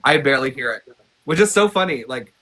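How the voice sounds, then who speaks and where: A speaker chatting excitedly as a guest over a video call. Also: medium pitch, a little fast, poor audio. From Southern United States. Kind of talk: casual group chat on a live stream.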